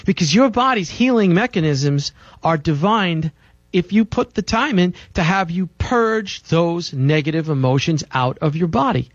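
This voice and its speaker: Man, radio talk host, preachy and insistent, higher-pitched voice, dull lo-fi sound, dry. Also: measured pace, dry recording. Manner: emphatic, preachy, insistent repetition. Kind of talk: health talk show monologue.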